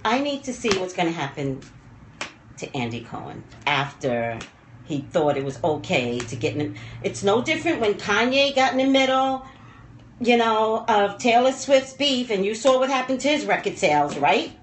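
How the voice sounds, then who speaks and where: A woman commentating on pop culture in a rambling, emotional livestream rant, dropping low and quiet when upset. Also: big pitch swings, moderate pace, echoey room, a little hiss or hum.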